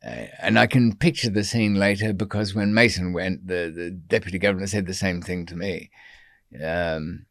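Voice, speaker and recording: Male podcast guest, low-ish voice, hesitant wry storyteller, dry close sound. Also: steady tone, moderate pace, a bit bright, no room sound. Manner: hesitant, full of ums and restarts, wry. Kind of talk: casual storytelling interview.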